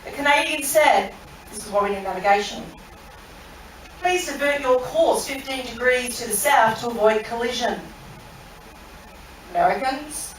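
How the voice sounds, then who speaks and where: Pausing often at normal speed, a woman from Australia with a slightly high voice presents a lesson to an audience aboard a cruise ship. She chats, poses questions and laughs along at her own tale, heard from afar in a very echoey hall with a bit of background noise.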